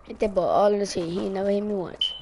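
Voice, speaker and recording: Woman gamer streaming live on a headset, mid-pitched, teasing and excitable, clear noise underneath. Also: fast talker. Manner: talks to herself and other players, teasing and excitable. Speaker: game streamer. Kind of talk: live gameplay commentary. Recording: steady noise behind the voice.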